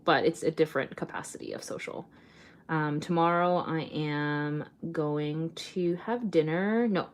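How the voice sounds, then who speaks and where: A young woman chatting casually on a home art livestream, rambling with lots of fillers and small laughs. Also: low-pitched. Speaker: artist streaming live.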